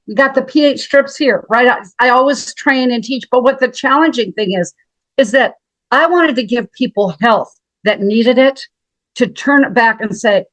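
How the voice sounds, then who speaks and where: With a fairly high-pitched voice, the seventies-aged woman from Montana, USA, a health practitioner appearing as an interview guest, tells her story dramatically and emphatically, repeatedly using the host's name. The dry recording has its highs cut off.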